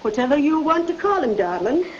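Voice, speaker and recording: A woman's voice: sits high, big pitch swings, brisk. An actress playing a kindly, motherly elderly grandmother who is a neighbor. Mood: gentle. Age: older. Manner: gentle, motherly. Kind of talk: 1930s film acting. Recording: dull scratchy 1930s film soundtrack.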